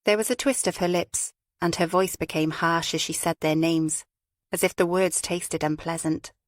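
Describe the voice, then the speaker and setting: A woman with a fairly low voice narrates a crime novel in a measured, even way. The reading is close and dry, with no room sound. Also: no echo. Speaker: audiobook narrator. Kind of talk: scripted narration.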